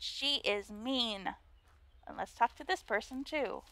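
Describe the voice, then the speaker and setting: A woman's voice: on the high side, takes it slowly, sharp tone. A woman commenting casually as she plays a story game, chatty and giggly. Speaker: let's play streamer.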